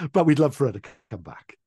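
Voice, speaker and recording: A middle-aged Welsh man who tells traditional stories, chatting casually as an interview guest, self-deprecating and quick to laugh. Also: on the high side, husky, no echo, clean studio sound. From Wales. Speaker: podcast guest, traditional storyteller.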